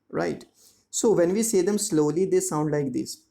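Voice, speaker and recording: A man teaching a school lesson, explaining words slowly and checking that students follow. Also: fairly high pitch, expressive, creaky, mellow. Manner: slow, repetitive explaining with frequent check-ins. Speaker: English teacher. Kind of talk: classroom lesson explaining grammar and syllables.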